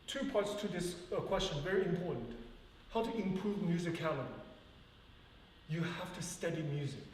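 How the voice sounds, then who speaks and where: A man's voice: sits high, expressive, moderate pace, slight background noise. A man teaching a live ballet class, speaking earnestly and counting out rhythms aloud. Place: large echoey dance studio. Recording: far-off voice in an echoey hall.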